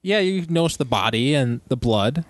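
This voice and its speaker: A man narrating as game master of a tabletop game, talking haltingly with many pauses and restarts. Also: mid-range voice, lively intonation, no echo.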